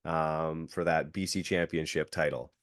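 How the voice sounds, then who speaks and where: A man's voice: rumbling low, fairly even intonation, a little slow, a bit bright, dry recording, studio quality. A man in his thirties, a jiu-jitsu coach and podcast guest, telling a story casually with lots of "like" fillers. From Canada. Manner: filler-heavy, acts out quotes.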